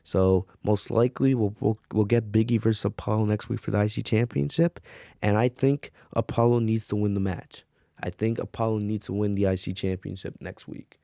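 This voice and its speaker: A man's voice: fairly low pitch, steady tone, moderate pace, gravelly, dark tone, dry recording, studio quality. A man hosting a wrestling review podcast, talking casually with lots of fillers and "right?" tags.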